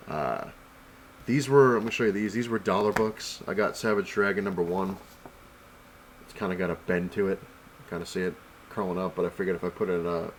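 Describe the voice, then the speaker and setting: A man's voice: low-pitched, a little hiss or hum, poor audio. A young man telling a rambling, casual story about a comic convention and showing what he bought, full of fillers and quoted back-and-forth. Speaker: comic collector vlogger. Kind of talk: casual convention haul recap.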